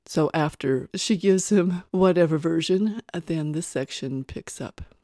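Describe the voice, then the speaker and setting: A woman reading a novel aloud, introducing the chapter and narrating calmly. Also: deep voice, unhurried, no room sound, studio quality. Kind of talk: audiobook reading.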